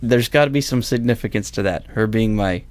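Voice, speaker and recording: Young guy hosting a chat show, lowish voice, rambles a bit, dry room sound. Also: fairly quick, darkish tone, dry recording. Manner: rambling, self-correcting, chuckles often. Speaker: podcast host. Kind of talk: casual chat.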